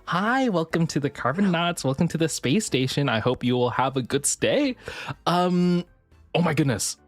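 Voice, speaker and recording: Talking with viewers during a livestream, a woman alternates between high-pitched excitement and mumbling under her breath, dropping the odd swear word. Her pace is moderate and there is no echo.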